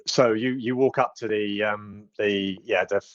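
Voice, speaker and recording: Halting game master, dry dull sound. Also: male voice, lowish voice, fairly even intonation, no room sound. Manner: halting, full of ums and restarts. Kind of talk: narrating a tabletop game.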